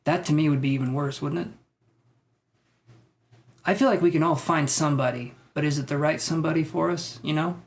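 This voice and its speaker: A man giving psychic tarot readings on a live stream. He talks in a tentative, musing way, thinks out loud with many fillers, and reassures his viewers. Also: a little high, a little fast, pauses often. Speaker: tarot reader.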